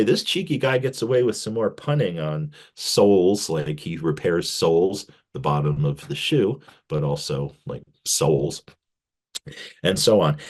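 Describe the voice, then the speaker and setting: Male professor, deep voice, casual wry lecture delivery with lively emphasis. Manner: wry, joking asides; animated, pitch jumping on emphasis.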